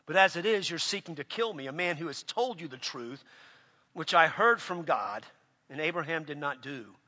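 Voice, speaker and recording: A man preaching a sermon with passion, dropping to a hush and then rising to shouts. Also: fairly high pitch, expressive, normal speed, big-room sound. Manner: impassioned, swings from hushed to shouting.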